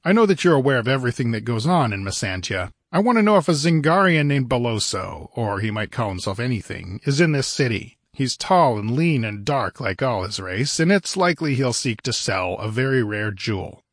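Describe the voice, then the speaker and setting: Conan, a gruff grim barbarian voiced by a man. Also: medium pitch, big pitch swings, fairly quick, hardly any pauses, no room sound, studio quality. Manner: gruff, impatient, mocking. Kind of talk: audiobook character voice.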